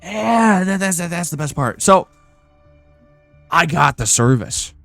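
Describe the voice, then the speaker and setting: Animated, profane ranting podcast host man. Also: sits high, slow pace, creaky, no echo, soft background music. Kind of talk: casual ranting storytelling.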